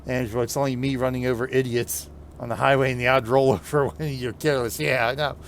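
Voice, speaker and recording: A man with a New Jersey accent talks loosely to his viewers as he plays a trucking game, often breaking off and restarting his sentences. His pitch sits in an ordinary middle range. A faint hum of noise sits under the voice. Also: steady tone. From New Jersey, USA. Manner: rambling, halting restarts, chuckles often. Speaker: streamer playing a truck game. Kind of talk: casual chat while gaming.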